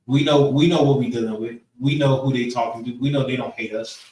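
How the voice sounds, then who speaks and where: A man's voice: medium pitch, fairly even intonation, brisk, a little mellow. A man leading a group lesson in a preaching style, talking casually, repeating phrases and asking the room for agreement. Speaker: class leader. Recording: echoey room, mic far off, faint noise.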